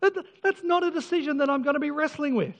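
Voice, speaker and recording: Earnest preacher with a high voice. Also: male voice, quick pace. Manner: earnest, emphatic, with repeated restarts and self-deprecating humour. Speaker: pastor. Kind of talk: sermon. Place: church. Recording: dull lo-fi sound with long church reverb.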